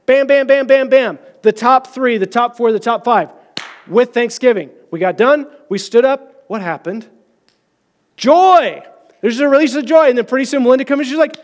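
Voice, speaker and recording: Guy preaching in church, pretty high voice, tells stories with lots of energy, voices the people he quotes. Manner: animated storytelling, acts out quotes in higher voices; slows down and softens in prayer. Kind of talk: sermon.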